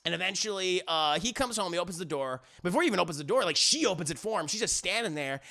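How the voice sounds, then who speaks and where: In a high, gravelly, sharp voice, a man rattles through an animated, fast music review. He rambles casually, swears freely and performs the lines he's talking about.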